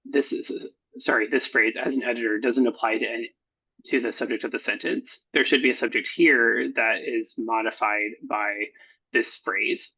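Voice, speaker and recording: A man who edits research proposals, talking through slides in a recorded workshop, halting often with fillers and self-corrections. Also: medium pitch, steady tone, slightly rough. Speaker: proposal editor. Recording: dull lo-fi recording.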